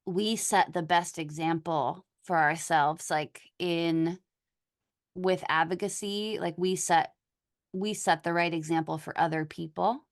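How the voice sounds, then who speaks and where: A woman hosting a casual podcast chat, speaking earnestly and haltingly with many pauses. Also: on the low side, fairly even intonation. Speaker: podcast host.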